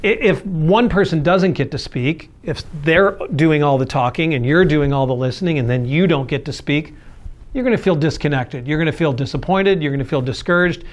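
A man's voice: on the high side, moderate pace. A man preaching a sermon in an earnest, conversational way, acting out everyday quotes as he goes. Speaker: pastor.

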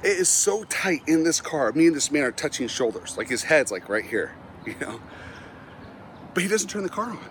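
Man, middle-aged, slightly high voice, motivational speaker, humorous stories, self-mocking, laughs often, faint noise behind. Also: big pitch swings, moderate pace, a bit bright. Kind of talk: humorous storytelling talk.

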